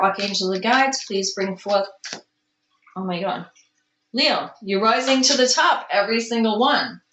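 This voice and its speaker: A woman doing a casual tarot reading to camera, slow and musing, with soft gushing exclamations and an allergy-roughened throat. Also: medium pitch, echoey room, slight background noise, rough recording. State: clearing her throat from allergies. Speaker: tarot card reader.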